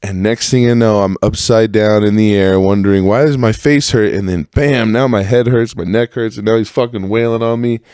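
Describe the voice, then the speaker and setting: Talking fairly quickly with few pauses, a lowish, clean-voiced man delivers a rambling, profane monologue of old stories on his solo podcast. He becomes animated while mimicking others' voices, and the clean studio recording has no echo.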